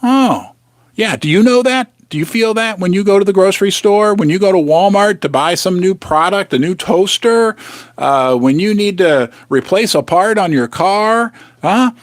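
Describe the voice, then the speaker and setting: A man hosts a casual live stream, talking in a lively, swooping voice that sits a little high. He is chatty and teasing, and sometimes drops to a whisper for effect. The sound is dry and close, with no room echo. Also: moderate pace. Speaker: host of a precious-metals live stream. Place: home basement studio.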